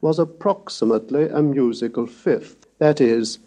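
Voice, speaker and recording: Mellow-voiced man giving a measured scholarly lecture. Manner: measured, precise, demonstrates pitch glides aloud.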